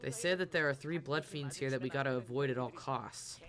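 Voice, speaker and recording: A man's voice: medium pitch, brisk, music in the background, lightly acted. A man voicing a streetwise male mercenary in a game, talking in a casual, slangy way.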